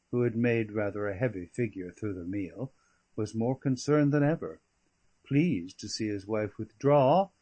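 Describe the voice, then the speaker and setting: In a measured, expressive storytelling style, a man narrates an audiobook of a classic novel. His voice sits on the low side, and there's no room sound.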